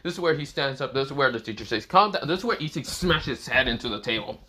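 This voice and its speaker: A man's voice: mid-range voice, animated, quick pace, sharp tone. A young man casually narrating an improvised fan story, rambling and filling gaps with repeated phrases. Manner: rambling, many fillers like "this is where, well".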